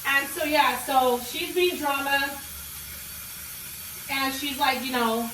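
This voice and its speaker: A woman's voice: high voice, steady tone, takes it slowly, pauses often, pushed and bright, reverberant, recorded from a distance, slight background noise, poor audio. A young woman vlogging in her home kitchen, chatting casually and swearing freely as she tells a story while cooking. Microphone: camera away from the cook.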